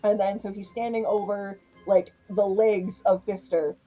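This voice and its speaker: A young woman casually recapping a horror comedy, chatty and animated, laughing often. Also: medium pitch, measured pace, phone-quality sound, faint music behind. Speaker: film reviewer.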